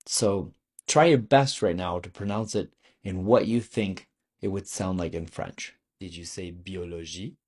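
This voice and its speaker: A man's voice: deep voice, measured pace, darkish tone, slightly rough. A man teaching a video lesson on French vocabulary, explaining patiently and asking the viewer questions.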